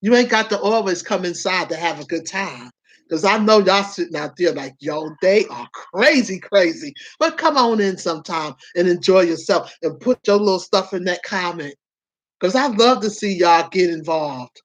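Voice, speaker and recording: A woman's voice: fairly low pitch, animated, moderate pace. A woman hosting a casual chat show, frank and playful, laughing often between lines. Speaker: host.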